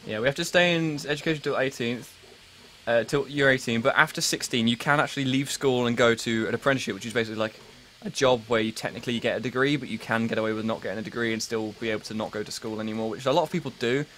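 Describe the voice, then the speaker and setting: Rambling English teen streamer. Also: male voice, medium pitch, fast talker, fairly bright tone, a little hiss or hum, rough recording. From England. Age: late teens. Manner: rambling and self-mocking, full of fillers and restarts. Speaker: livestream host. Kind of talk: casual live-stream chat, answering viewers.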